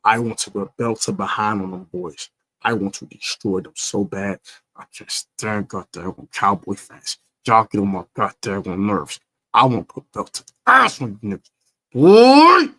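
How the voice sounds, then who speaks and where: A man's voice: lowish voice, steady tone, moderate pace, sharp tone, no echo. A man hosting a casual postgame fan livestream, rambling with lots of fillers and restarts, trash-talking rivals. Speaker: fan podcast host. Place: stadium area after a game.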